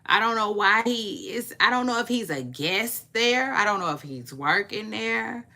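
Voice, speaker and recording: A woman hosting a casual celebrity gossip vlog, chatting to her viewers in a playful, drawn-out way with frequent asides. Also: mid-range voice, expressive, pushed and bright. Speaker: vlog host.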